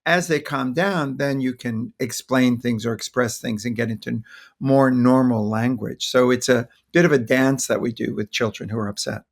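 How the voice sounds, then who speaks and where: Man, older, pediatrician, podcast guest, thoughtful, mid-pitched voice. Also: fairly even intonation, moderate pace. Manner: thoughtful, acts out soothing toddler talk. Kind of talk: podcast interview.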